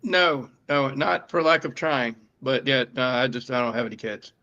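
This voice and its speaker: A man's voice: medium pitch, moderate pace, pushed and bright. A man with a New York accent, co-hosting a casual podcast chat, rambling with many fillers and restarts. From northeastern United States. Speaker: podcast producer and co-host. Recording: dull lo-fi sound.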